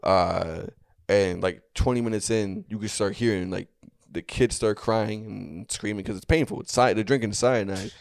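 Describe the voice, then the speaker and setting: A man's voice: fairly low pitch, fairly even intonation, normal speed, vocal fry, no echo. A young man co-hosting a podcast, telling a story in a loose, rambling way with many restarts. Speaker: podcast co-host. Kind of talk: casual storytelling chat.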